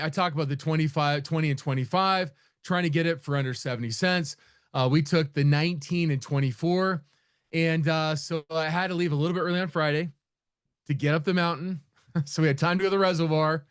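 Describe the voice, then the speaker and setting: A man's voice: fairly high pitch, no room sound, clean studio sound. A middle-aged man rambling casually as he hosts a live trading room session, with frequent restarts and laughs. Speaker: trading educator.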